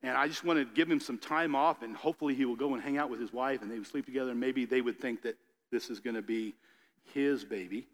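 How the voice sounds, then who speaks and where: A man preaching a sermon, reading scripture and then retelling the story in a casual, animated way with little character voices. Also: medium pitch, fast talker, long reverb tail. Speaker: pastor.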